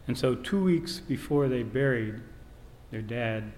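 A man's voice: medium pitch, lively intonation, measured pace, a little mellow. A man preaching a sermon, telling a family story and quoting scripture in an earnest way. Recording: reverberant hall, faint background noise.

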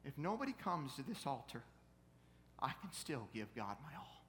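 A man preaching a sermon, telling a story and building to loud, fervent peaks. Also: very animated, normal speed. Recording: reverberant church hall, faint rumble.

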